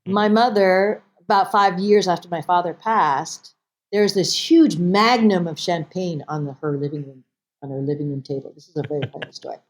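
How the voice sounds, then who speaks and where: A woman's voice: fairly low pitch, moderate pace. A woman actress talking as a podcast guest in a casual interview, telling stories with animation and acting out bits of dialogue. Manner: animated storyteller, acts out dialogue.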